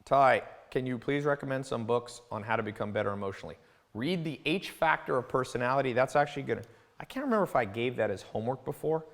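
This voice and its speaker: This is a man hosting a mentoring call, lecturing off the cuff. He is blunt and ranting, his pitch and loudness swinging a lot. His voice rings out in a long reverb. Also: animated, fast. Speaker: host of a mentoring live call.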